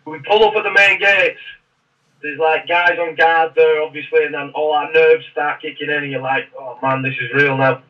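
A former Royal Marine tells stories in a casual podcast interview, rambling and restarting as he goes. His voice is a little high and steady in tone, at a moderate pace, and the audio sounds muffled and distant.

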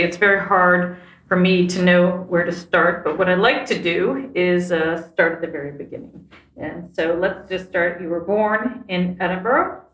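A woman's voice: on the low side, fairly bright tone. A woman hosting a podcast, interviewing a guest in a friendly, conversational way. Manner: friendly, conversational, brief acknowledgements. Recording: roomy sound with faint music.

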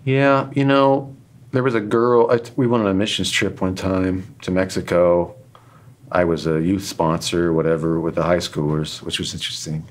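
A man's voice: sits low, little pitch movement, moderate pace. A man being interviewed, telling candid personal stories in an earnest, self-deprecating, rambling way, emotional at times. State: emotional, choked up in places. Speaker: interview guest, author and radio host.

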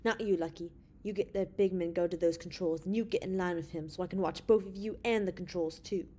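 A woman's voice: lowish voice, steady tone, brisk, close to an everyday voice. Woman reading a tense, accusing male officer. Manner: loud, insistent and accusing. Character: tense male officer holding friends at gunpoint.

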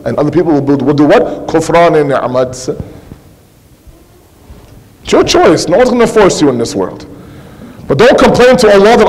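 High-pitched man, sermon preacher, conversational, rhetorical questions, long hall reverb. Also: big pitch swings, normal speed, a little mellow. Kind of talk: religious sermon.

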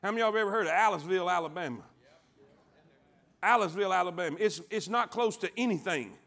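A man preaching a sermon as pastor, calling on the congregation to answer back and swinging from quiet, low lines to loud ones. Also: fast talker. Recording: church sanctuary.

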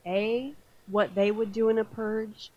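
A woman's voice: mid-range voice, fairly even intonation, a little slow, warm tone, lo-fi sound. A woman co-hosting a podcast in casual chat, talking freely, laughing often and swearing casually. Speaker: podcast co-host.

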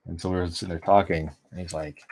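This low, level, somewhat dark male voice moves at a quick pace. While coloring artwork on stream, he spins a long, meandering story, often starting sentences over.

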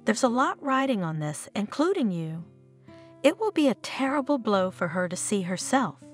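A woman's voice: mid-range voice, normal speed, breathy edge, soft background music. Woman reading a frank male doctor. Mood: grave. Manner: calm, matter-of-fact. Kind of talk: storybook narration.

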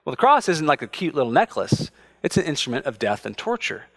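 A man, preaching a sermon and telling family stories with lively voices. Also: fairly high pitch, fairly quick. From United States. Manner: animated storytelling, acts out family voices. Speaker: pastor. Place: church sanctuary.

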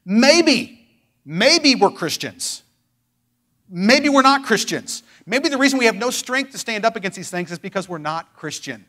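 A male pastor preaches a sermon with fervent intensity, swinging from loud declarations to hushed pleading and stretching out phrases for emphasis. His voice is high and sing-song, delivered a little slowly.

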